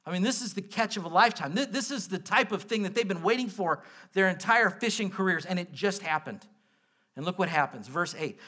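Bright high-voiced male preacher. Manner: conversational, animated preaching with asides and quick bursts. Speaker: pastor. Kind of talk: sermon.

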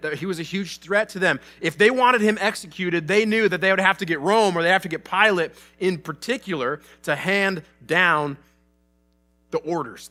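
A pastor in his thirties preaches a sermon at church in a high, pushed, bright voice. He retells the story in a casual, animated way, restarting often.

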